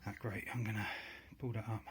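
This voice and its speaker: A man's voice: fairly low pitch, level tone, a little fast, background noise. A man with a North London accent hosting a casual hands-on crafting tutorial, chatting and thinking aloud as he works in a home workroom. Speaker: crafting video host.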